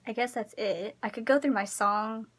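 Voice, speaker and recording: A woman with a fairly high voice rants to her phone camera at home. She is emphatic and rambling, and her voice sinks to a near-whisper whenever she trails off. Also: moderate pace, a bit bright. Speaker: vlogger. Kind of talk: casual rant to camera.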